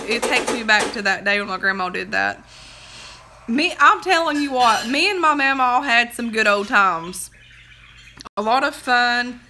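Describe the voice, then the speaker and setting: A woman's voice: on the high side, pushed and bright, a little hiss or hum. A woman, chatting rambly on a phone livestream from her couch at home, drawling and laughing at her own stories. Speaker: livestream host. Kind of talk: rambling casual chat.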